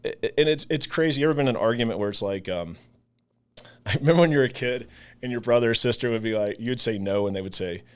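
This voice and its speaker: A man's voice: mid-range voice, quick pace, clean tone. Earnest man in a casual faith talk. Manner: earnest, animated, acts out quoted voices. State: emotional, voice catching. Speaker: ministry leader and podcast co-host.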